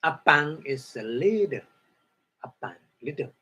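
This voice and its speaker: Slow, halting male dharma teacher. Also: on the high side, expressive, sharp tone, slightly rough. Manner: halting, explains Pali word by word, repeats, asks "huh?". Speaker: Buddhist meditation teacher. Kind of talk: dharma lecture.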